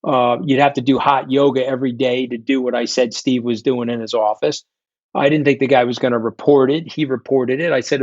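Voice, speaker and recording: A man's voice: medium pitch, steady tone, brisk, darkish tone, no echo. Man, middle-aged, blunt and profane, dull dry recording. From New York. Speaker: guest, fund founder. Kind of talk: candid storytelling interview.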